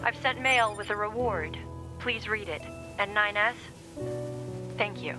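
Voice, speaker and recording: An actress playing a formal, curious female android operator in a video game, speaking in a precise, measured way. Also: mid-range voice, over music, natural voice, poor audio.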